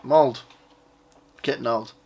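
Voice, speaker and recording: There's slight background noise as a man with a steady, somewhat mellow medium-pitched voice talks at an unhurried pace. A collector, he shows off his purchases in a loose unboxing chat, rambling and cursing every so often.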